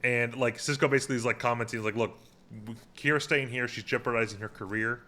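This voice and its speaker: Bright-voiced man recapping an episode. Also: mid-range voice, fairly even intonation, fast. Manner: recaps scenes by paraphrasing lines, many fillers and "like". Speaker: podcast co-host recapping an episode. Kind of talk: casual chat.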